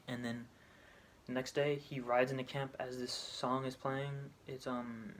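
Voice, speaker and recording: A man's voice: mid-range voice, level tone, a little slow, fairly bright tone, slight background noise. A man casually retelling a video game story, rambling, restarting and correcting himself as he goes. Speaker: video creator.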